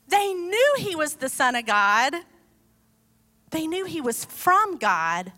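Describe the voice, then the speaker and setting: A woman delivering a sermon with a high, bright voice. She preaches conversationally, telling the story with lively asides. The sound carries a long hall reverb. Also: slow pace.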